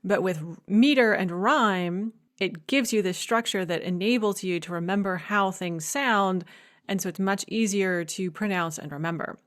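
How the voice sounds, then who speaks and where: A woman giving a recorded lecture, explaining points clearly and stressing key ideas. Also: mid-range voice, normal speed.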